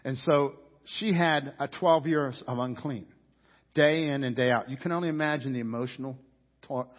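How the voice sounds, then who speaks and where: A man's voice: mid-range voice, moderate pace. A man preaching a sermon as pastor, earnest and urging, often restarting his phrases. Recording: dull sound with long hall reverb.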